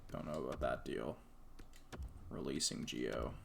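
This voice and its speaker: A man's voice: very deep voice, a little slow, creaky, a little hiss or hum. Man, gaming commentary, sarcastic, exasperated muttering, keyboard clicks faintly behind. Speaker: gaming YouTuber. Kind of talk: casual gameplay commentary.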